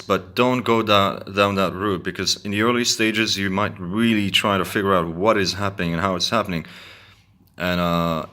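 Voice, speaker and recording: A man's voice: deep voice, bright, forceful tone. A man talking earnestly to his viewers in a casual monologue, often restarting his words. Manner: earnest, repetitive, stumbling restarts. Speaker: video blogger.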